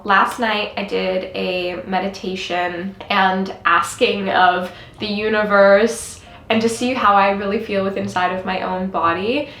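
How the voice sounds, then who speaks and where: A woman's voice: mid-range voice, a bit bright. A young woman vlogging in a casual, confessional chat, earnest and rambling with many fillers. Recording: roomy with faint music behind.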